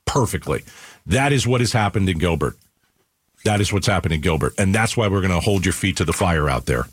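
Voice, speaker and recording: Husky, animated male radio host. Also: deep voice, brisk, no room sound, clean studio sound. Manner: energetic, emphatic. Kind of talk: casual radio talk.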